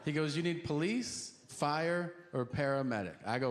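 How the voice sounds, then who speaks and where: A male stand-up comedian telling a story on stage in a deadpan way, acting out the people he quotes. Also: medium pitch, moderate pace. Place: comedy stage before a live audience. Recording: live show with noisy audience ambience.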